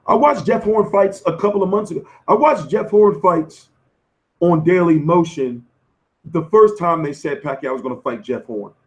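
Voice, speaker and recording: Hoarse man chatting boxing on a stream. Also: a little high, expressive, normal speed. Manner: loose, profane, slangy banter answering chat. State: losing his voice. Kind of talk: casual live-stream chat.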